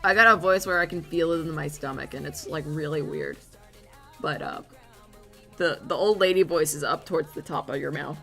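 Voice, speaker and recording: A woman's voice: deep voice, very animated, normal speed, gravelly, bright, forceful tone, faint music behind. A young woman streamer chatting casually and rambling while she draws, with a dry, sore throat. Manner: chatty, rambling, swears freely. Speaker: streamer and artist.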